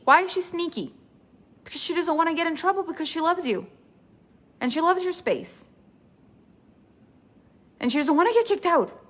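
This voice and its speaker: A woman's voice: on the high side, fairly bright tone. A woman business coach giving an earnest masterclass talk, repeating key points for emphasis.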